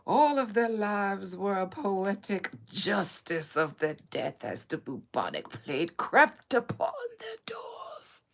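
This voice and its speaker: A woman's voice: mid-range voice, big pitch swings, takes it slowly, vocal fry, a little hiss or hum. A woman hosting a podcast in casual chat, playful and given to laughing and fanciful tangents. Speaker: podcast host.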